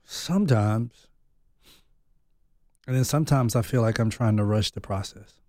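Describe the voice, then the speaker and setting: A man's voice: on the low side, measured pace, warm tone. A man in his thirties, a podcast guest, talking openly and reflectively in a candid personal conversation, thinking aloud as he goes.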